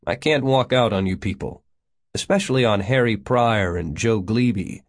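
A man's voice: lowish voice, normal speed, close to an everyday voice. A man playing an earnest, resolute hero. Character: determined man, leader of a prank.

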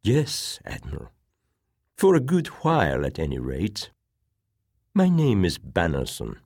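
A man's voice: low-pitched, huge pitch swings, a little slow, darkish tone, dry recording, studio quality, full character voice. A man voicing a stern, bitter army officer who speaks with force. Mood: measured. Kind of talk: audiobook reading.

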